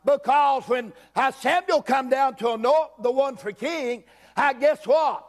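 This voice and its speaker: Preacher man, very high voice, fervent, repetitive, breaks into shouts. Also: unhurried. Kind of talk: sermon.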